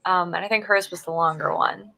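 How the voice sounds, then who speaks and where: A woman's voice: on the low side, fairly even intonation, a little fast, vocal fry, bright, forceful tone. A woman hosting a casual livestream, reading out chat messages, laughing often and tripping over her words. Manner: giggly, trips over words.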